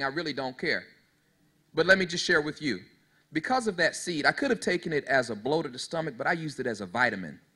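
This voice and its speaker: A man's voice: medium pitch, pushed and bright. A man in his thirties giving a motivational speech to young people. He tells folksy stories and leads the audience in call-and-response. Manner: preachy call-and-response, talks straight to the audience; storytelling, folksy. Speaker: motivational speaker to youth.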